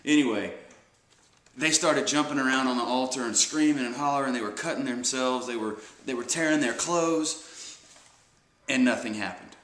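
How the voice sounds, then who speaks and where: Rambling man, bright echoey voice. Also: medium pitch, normal speed. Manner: rambling, many fillers and restarts, acts out quotes. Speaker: devotional speaker. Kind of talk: casual retelling of a Bible story.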